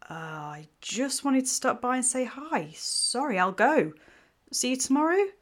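A woman voicing a caring young woman in a storybook romance, gentle and concerned. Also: high-pitched, very animated, measured pace, pitched above the performer's own voice, heavily acted. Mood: hesitant. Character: caring, warm-hearted young woman friend.

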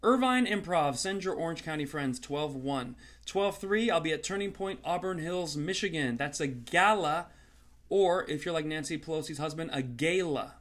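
A comedian opens his own show with a high-energy promo, his voice sitting a little high. He sells tour dates and specials in a hyped, salesy way, slipping in sarcastic asides. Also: moderate pace, a bit bright.

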